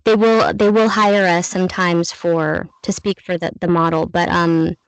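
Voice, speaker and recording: Guest: bilingual voice actress, Spanish native, easygoing talk, dead-dry close mic. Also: female voice, on the low side, moderate pace, dry recording, low-quality recording. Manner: relaxed and conversational, with many fillers. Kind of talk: casual interview answers.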